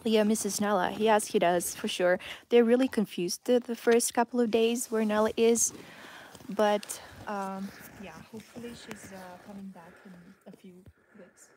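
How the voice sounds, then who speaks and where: A woman's voice: medium pitch, fairly even intonation, measured pace, long pauses, background noise. A woman, slightly sick, chatting casually on a live stream outdoors in the snow, cooing and calling to her dogs between rambling asides. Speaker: vlogger hosting a live Q&A. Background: dogs playing in snow.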